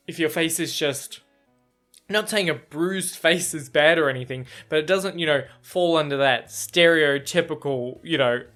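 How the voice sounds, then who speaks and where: A man's voice: fairly high pitch, a bit bright. A man chatting casually in a reaction vlog about a book chapter, rambling with lots of fillers, restarts and swearing.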